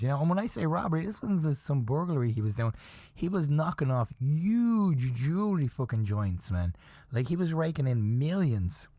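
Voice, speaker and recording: A man hosting a podcast, telling a story in a casual, animated way, chuckling often, swearing, and insisting that it is true. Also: fairly high pitch, no room sound, studio quality. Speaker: podcast host.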